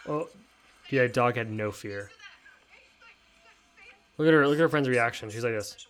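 A man hosting a solo podcast, chatting casually through odd news stories. His speech is laid-back and wisecracking, with "dude" dropped into nearly every thought, and his pitch sits right in the middle of the range. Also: normal speed, a bit bright. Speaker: podcast host.

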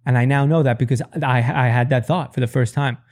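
Man, thirties, stand-up comedy monologue, profane, rambling, voice jumps high for quotes. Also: fairly even intonation, brisk, darkish tone.

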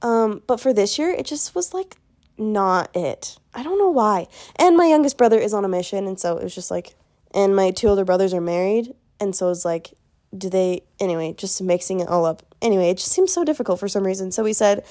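A woman's voice: mid-range voice, lively intonation, fairly quick, mellow. A bubbly young woman hosts her own podcast, chatting alone to her listeners. Her talk is casual and self-mocking, and she jokes at her own expense as she goes. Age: young adult. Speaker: podcast host. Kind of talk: casual solo podcast chat.

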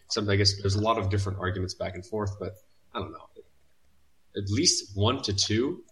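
Low-voiced man thinking aloud. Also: a bit bright, low-quality recording. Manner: thoughtful, searching for words, repeats himself. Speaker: podcast co-host. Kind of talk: casual podcast chat.

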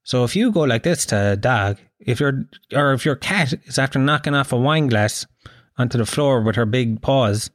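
A man's voice: medium pitch, expressive, moderate pace, dry recording, studio quality. A young Irish man hosting a podcast, telling rambling, profane comic stories in a jokey monologue. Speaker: podcast host.

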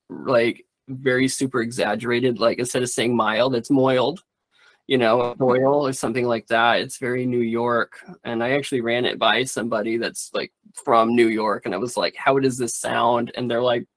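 A man's voice: mid-range voice, fairly even intonation, moderate pace, a bit bright, dry recording. A man who does stand-up comedy talking in a rambling, candid way, swearing freely in a casual interview.

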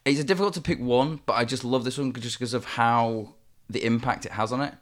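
A man co-hosting a podcast in casual chat, retelling scenes in an animated way and acting out the quotes. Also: mid-range voice, a little fast. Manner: animated storyteller, acts out quotes. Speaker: podcast co-host.

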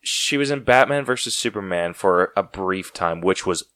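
A man hosting a casual podcast chat, excitable and full of "like" fillers. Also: deep voice, normal speed, no room sound. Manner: excitable, heavy use of "like" fillers. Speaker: podcast host.

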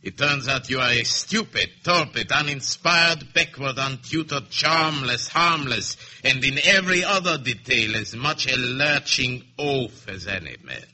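Sneering bored general, sharp bright tone, old radio villain. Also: male voice, mid-range voice, expressive, heavily acted. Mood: contemptuous. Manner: sardonic, contemptuous, measured. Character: bored, cruel middle-aged male general. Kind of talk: 1950s radio drama acting.

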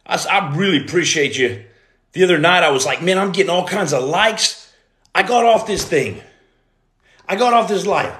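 A man in his forties hosting a casual live stream, greeting viewers by name and breaking into loud outbursts. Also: high-pitched, lively intonation, normal speed. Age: 40s. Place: room at home. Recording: echoey room.

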